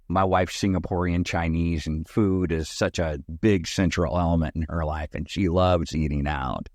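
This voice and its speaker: A man guesting on a podcast, telling an animated anecdote in a conversational way. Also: deep voice, moderate pace, hardly any pauses, no echo, clean studio sound. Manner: animated anecdote teller who acts out both sides. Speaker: podcast guest, sales consultant. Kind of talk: conversational storytelling.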